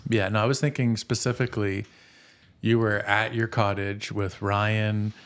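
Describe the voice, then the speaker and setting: A man co-hosting a podcast, telling a prank story to friends in a casual, animated way. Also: lowish voice, a little slow. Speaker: podcast co-host.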